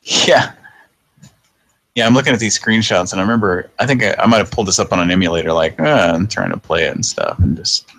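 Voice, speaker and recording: A man's voice: deep voice, brisk, fairly bright tone, dry recording. A man in his thirties hosting a late-night live show, tired and yawning, chatting casually and chuckling as he thinks aloud. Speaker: podcast host.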